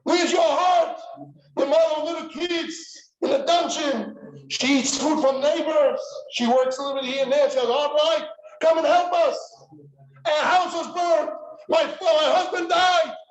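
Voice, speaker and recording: Desperate wailing mother, high and loud, put on by a male preacher; echoey room. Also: steady tone, unhurried. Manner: shouting, wailing pleas. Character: desperate poor mother pleading for her son. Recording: echoey room, dull sound.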